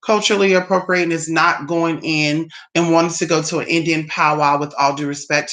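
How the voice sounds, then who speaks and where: A speaker with an American accent gives a casual, blunt opinion monologue as a spiritual YouTuber, swearing freely and mocking others with sudden jumps in pitch. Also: bright, forceful tone.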